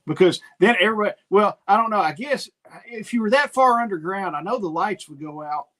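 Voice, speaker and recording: A man's voice: high-pitched, lively intonation, fairly quick, sharp tone. Laid-back man musing aloud. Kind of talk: casual livestream chat.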